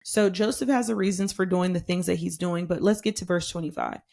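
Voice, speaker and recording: A woman hosting a podcast Bible study, teaching in a conversational, emphatic way and reading scripture slowly and deliberately. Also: on the low side, gravelly, dark tone.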